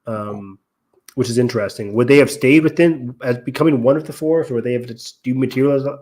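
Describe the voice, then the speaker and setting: A man of ordinary pitch co-hosting a casual podcast. He unpacks story details at length in an analytical, explaining way. His ums and restarts keep it loose and conversational. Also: a little mellow. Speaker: podcast co-host.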